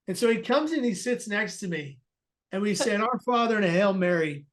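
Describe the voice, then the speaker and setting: A man's voice: high voice, lively intonation, fairly quick, a bit bright. A man, a guest on an interview podcast, earnestly tells a personal story and acts out the people he quotes, often restarting his sentences.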